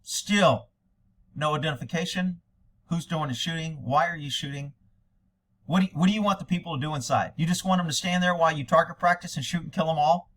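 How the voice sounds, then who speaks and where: A man's voice: a little high, fairly quick, fairly bright tone. An American man giving angry, indignant commentary over police video, ranting at length.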